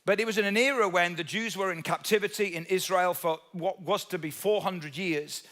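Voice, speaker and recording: High-voiced man preaching a sermon. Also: fairly even intonation, normal speed, a bit bright. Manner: conversational, asks the audience questions; tells Bible stories with humorous asides. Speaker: pastor.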